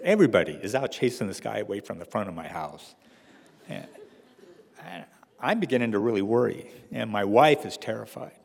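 Male storyteller, gravelly voice, dry wry humor, reverberant hall recording. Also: on the low side. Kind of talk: personal story told to an audience.

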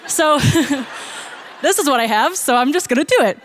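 A woman's voice: high voice, expressive, fast talker, fairly bright tone, slight background noise. A woman telling a personal story in a chatty way, laughing often and using many fillers.

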